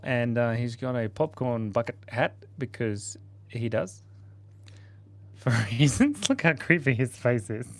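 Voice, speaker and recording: A man hosting a casual live stream, chatting playfully and laughing while he draws and reads out viewer comments. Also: lowish voice. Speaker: livestream host.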